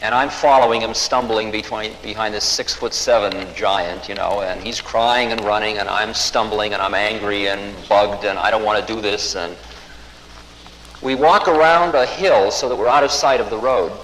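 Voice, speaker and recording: Мужчина, рассказывающий историю в гулком зале. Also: male voice, lowish voice, moderate pace, a bit bright, slight background noise. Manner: wry, self-mocking storytelling with quoted voices. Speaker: spiritual teacher telling a story. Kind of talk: storytelling talk. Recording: echoey hall with faint ambience.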